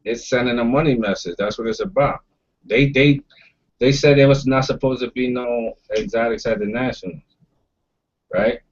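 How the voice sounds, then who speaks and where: A man's voice: medium pitch, normal speed. Blunt, swearing man on dull audio. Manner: blunt, emphatic, swears freely. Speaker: podcast host. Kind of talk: casual roundtable talk.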